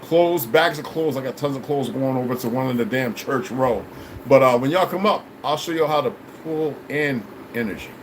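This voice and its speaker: A man's voice: mid-range voice, normal speed, noisy background. A man hosting a livestream, talking to his viewers in a blunt, profane, preachy way. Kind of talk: rambling casual livestream chat.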